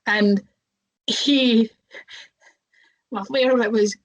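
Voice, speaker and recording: A woman's voice: on the high side, steady tone, extremely slow, low-quality recording. A young woman, a wrestler, telling stories casually in an interview, chatty, with lots of fillers and voices acted out.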